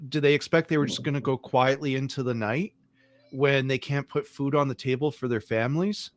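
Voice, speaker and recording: A man's voice: mid-range voice, dry recording. A man guesting on a political discussion, arguing through a stream of pointed rhetorical questions. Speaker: podcast guest.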